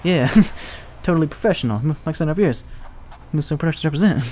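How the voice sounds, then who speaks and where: A young man commentating his own gameplay, excitable, joking and swearing as he plays. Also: a little high, fairly quick, slight background noise. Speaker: let's play gamer. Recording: game music behind the voice. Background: game music.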